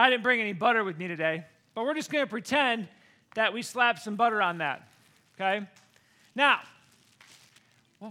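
Animated high-voiced man telling a story. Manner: animated, acts out quoted voices with big swings. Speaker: vlogger. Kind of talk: casual storytelling to camera.

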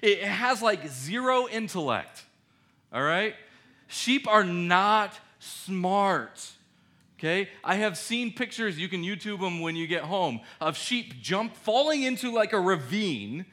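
A man delivering a sermon with a bright, forward tone that swoops up and down. He preaches conversationally, often checking in with his listeners. His voice sits a little higher than most men's. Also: moderate pace. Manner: conversational, animated preaching with audience questions. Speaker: pastor.

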